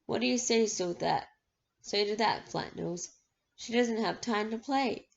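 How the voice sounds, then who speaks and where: A soft, menacing male thug from a storybook, sneering and cruel, as a woman reader puts him on. The voice is gravelly and raised a little above her reading voice. The recording sounds dull and lo-fi. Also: medium pitch, a little slow, voice pushed up. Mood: mocking.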